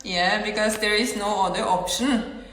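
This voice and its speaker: A woman vlogging an agitated personal monologue, halting with many filler words and breaking into sudden loud outbursts. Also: mid-range voice, fairly even intonation. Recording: echoey room with long reverb.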